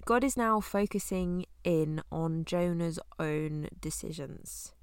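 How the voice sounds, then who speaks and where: A young woman leads a Bible study in an easy, chatty manner, laughing now and then as she explains. Her voice sits a little low for a woman. The recording is dry and close. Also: slow, a little mellow, smooth, no echo. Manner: conversational, laughs often. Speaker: Bible teacher.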